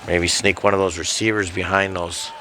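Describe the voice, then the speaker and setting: A man giving color commentary on a high school football game, wry and teasing in his banter. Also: little pitch movement, moderate pace, bright, forceful tone, a little hiss or hum. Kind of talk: joking sports color commentary.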